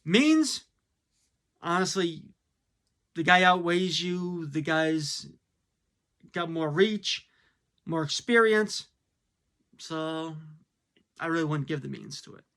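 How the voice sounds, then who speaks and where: A man's voice: a little high, expressive, slow, pauses often, fairly bright tone. A man giving a blunt, casual opinion monologue, full of fillers and rhetorical questions. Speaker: commentator.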